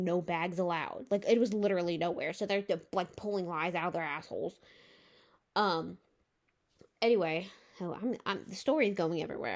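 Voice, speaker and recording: A young woman vlogger telling a story in a casual rant, exasperated, swearing and filling her talk with "like". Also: fairly low pitch. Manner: exasperated, swears and says "like" often.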